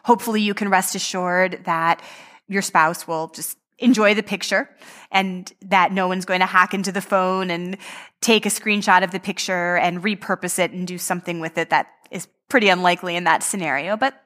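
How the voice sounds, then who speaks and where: Woman explaining law in measured tones. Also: fairly low pitch, fairly even intonation, a bit bright. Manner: clear, measured explaining with legal terms. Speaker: guest author on a podcast. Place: recorded live in a forum room.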